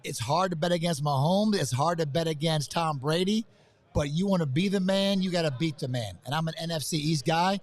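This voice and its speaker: A fairly quick-talking man with a slightly high voice chats excitedly as a guest in a live interview at a business conference in a hotel venue. He rambles, clearly pumped up, and keeps mentioning how fired up he is.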